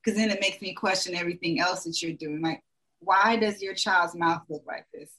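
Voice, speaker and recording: A woman's voice: lowish voice, moderate pace, fairly bright tone, low-quality recording. A young adult woman, a dentist, talking frankly in a casual podcast chat, full of "like" and "you know".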